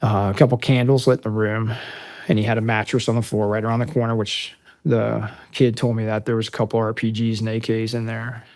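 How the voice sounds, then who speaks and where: Gravelly man telling a war story. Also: lowish voice, brisk. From United States. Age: 50s. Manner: animated, profane storyteller who acts out dialogue loudly. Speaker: podcast guest, military veteran. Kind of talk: casual storytelling in a long-form interview.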